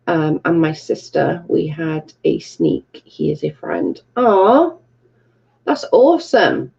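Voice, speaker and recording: A woman's voice: sits low, little pitch movement, slow pace, vocal fry, dark tone, highs cut off. A British woman hosting a casual livestream from her bedroom, chatting and reading out viewer comments, swearing freely. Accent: British English. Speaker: livestream host.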